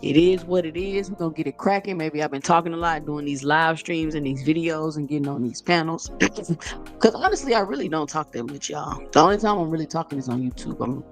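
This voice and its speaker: Chatty woman host, rough voice, low-pitched. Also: fairly quick, faint music behind. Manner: chatty, loose, full of "like" and "y'all". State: voice sounds rough today. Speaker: boxing channel host. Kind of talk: casual commentary vlog.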